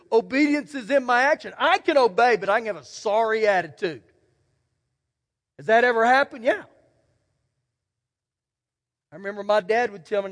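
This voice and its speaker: High-voiced pastor in a reverberant church. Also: male voice, a bit bright. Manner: folksy, storytelling, emphatic repetition. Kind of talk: sermon. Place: church sanctuary. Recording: long church hall reverb.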